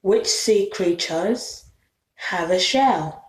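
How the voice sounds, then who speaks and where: A woman's voice: medium pitch, extremely slow. A woman reading a children's picture book aloud, patiently naming animals, asking questions and counting with the child. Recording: echoey room.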